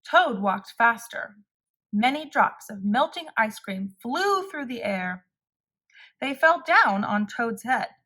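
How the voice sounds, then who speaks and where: A woman reading a picture-book story aloud to children in a slow, expressive way. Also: fairly high pitch.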